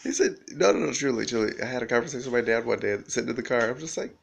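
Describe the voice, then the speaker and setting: A man's voice: on the high side, huge pitch swings, a little fast, vocal fry, slightly rough. A man rambling through a profane monologue, often laughing as he talks.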